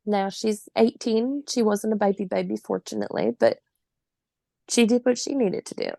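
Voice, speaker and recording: A woman's voice: mid-range voice, steady tone, normal speed, creaky, dark tone, dry recording. A woman in her forties, a podcast guest, telling her own story in vivid, emphatic detail with occasional laughs.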